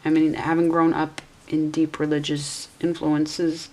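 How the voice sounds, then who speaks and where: A woman's voice: low voice, completely flat delivery, unhurried, a little mellow. A woman in her forties giving a casual tarot reading, musing aloud and correcting herself as she goes. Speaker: tarot reader.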